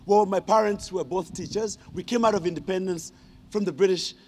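Give me a man with a high voice, telling funny stories in a lively ceremony speech. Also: fairly quick, a little hiss or hum. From Uganda. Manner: animated, teasing the audience with questions. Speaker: honorary degree recipient giving a speech. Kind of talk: humorous ceremonial speech, storytelling.

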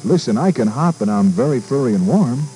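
A man voicing a lonely, gentle little male bunny who speaks softly and hesitantly, with small stammers. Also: mid-range voice, lively intonation, brisk, soft background music, voice pushed up, close to an everyday voice, poor audio. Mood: wistful.

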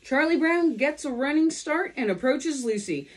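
A woman reads a children's storybook aloud at a relaxed pace. Her pitch climbs and dips constantly, lively and bouncy. She is from California and gives each character a voice of their own. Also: moderate pace. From California, USA. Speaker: storybook reader.

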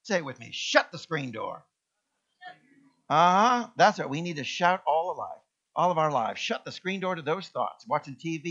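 Animated male preacher, bright voice. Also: a little high, highs cut off. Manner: animated, emphatic preaching with rhetorical questions. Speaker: minister. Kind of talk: sermon.

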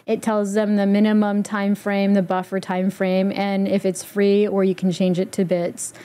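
A woman walking through a software setup in a casual, chatty tutorial, explaining step by step with easy fillers. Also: mid-range voice, flat delivery, moderate pace. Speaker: streamer giving a setup tutorial. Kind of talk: casual screen-recorded tutorial.

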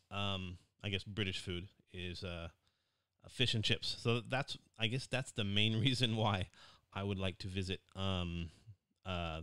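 American man, low and clear, summarizing a class. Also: no room sound, studio quality. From United States. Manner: relaxed, repetitive with many fillers and restarts. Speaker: university English lecturer. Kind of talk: recorded class summary lecture.

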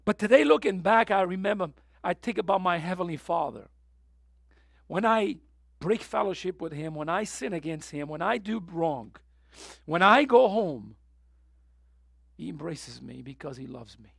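High gravelly preacher guy, gets fired up then goes quiet, dry close sound. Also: lively intonation, moderate pace, dry recording. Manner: impassioned, swings from soft to loud; emotional, near tears. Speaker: pastor. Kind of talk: sermon.

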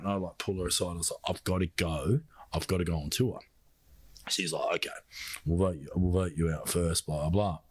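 Profane, low-voiced Australian man. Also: no echo. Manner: profane, animated, acts out quoted dialogue. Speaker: podcast guest. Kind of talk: casual storytelling chat.

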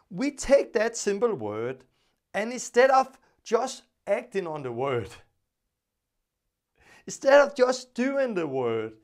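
A man teaching a Bible lesson in earnest, repetitive English, often restarting and acting out quoted speakers. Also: high-pitched. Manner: non-native English with frequent restarts.

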